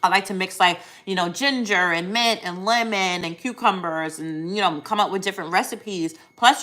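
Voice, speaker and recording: A young American woman talks casually to viewers on a live stream, upbeat and chatty, often pausing with ums and correcting herself. Her voice sits in a middle pitch with a bright, forward tone. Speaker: weight loss surgery vlogger hosting a live stream.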